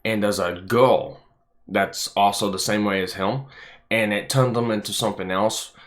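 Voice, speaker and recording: Low-voiced excitable male streamer. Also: moderate pace. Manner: excitable, laughs often, swears casually. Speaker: stream host. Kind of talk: casual livestream chat.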